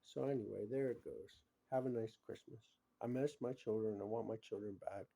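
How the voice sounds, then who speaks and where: A man talking in a rambling casual monologue, full of "you know" and "bro", swinging between low mutters and loud emphatic bursts. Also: fairly even intonation, normal speed, faint music behind. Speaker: vlogger.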